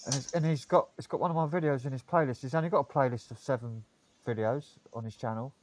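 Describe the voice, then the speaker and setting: Streamer, relaxed casual talk, clear background noise behind him. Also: male voice, mid-range voice, fast. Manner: relaxed, reads out stream comments. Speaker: live stream host. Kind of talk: casual chat. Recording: noisy stream audio.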